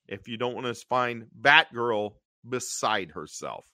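A man co-hosting a podcast, recapping an old TV episode in an animated way, acting out the characters' lines and often clearing his throat. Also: medium pitch, a little slow, hardly any pauses, no room sound, clean studio sound. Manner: animated storytelling, acting out quotes in funny voices. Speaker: podcast co-host.

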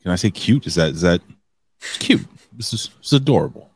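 Man, deep voice, lively pitch, casual wrestling podcast chat, frequent swearing, dry recording. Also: brisk, breathy edge, no room sound. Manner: animated, swears freely, trails off and restarts. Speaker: podcast co-host.

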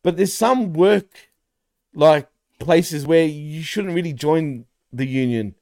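A man's voice: fairly high pitch, slow, a little mellow, no echo, clean studio sound. A man co-hosting a show in casual chat, talking loosely with lots of slang fillers. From Greece. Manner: loose and slangy, peppers talk with "bro" and "like". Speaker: podcast co-host.

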